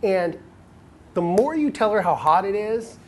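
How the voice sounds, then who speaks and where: A man coaching other men on dating, telling stories and acting out quoted lines in a casual, animated way. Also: high voice, a little slow, slight background noise. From United States.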